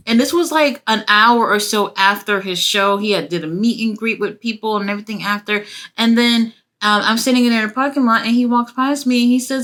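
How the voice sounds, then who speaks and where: Bright-voiced, blunt woman reviewer. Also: mid-range voice. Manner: blunt, exasperated, swears freely, with jumpy animated asides. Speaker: wrestling show reviewer. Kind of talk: casual spoken review.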